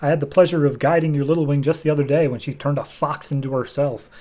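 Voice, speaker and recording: A man's voice: fairly high pitch, fairly even intonation, fast talker, darkish tone, close to an everyday voice. A man doing a fussy, fawning goat-man guide. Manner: chatty, fawning, a little smug. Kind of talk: casual recap with voiced characters.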